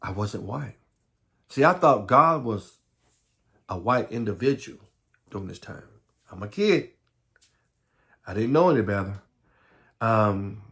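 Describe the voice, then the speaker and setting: Gravelly, halting man from the American South. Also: on the low side. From Southern United States. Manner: halting, repeats words, earnest. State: close to tears. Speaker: vlogger. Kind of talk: personal life story.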